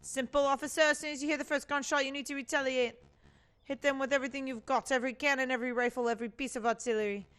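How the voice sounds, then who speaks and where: A woman's voice: high-pitched, steady tone, rapid-fire, fairly bright tone, clean tone, voice pushed up. A woman playing a sinister scheming friar. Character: scheming, nihilistic male friar villain.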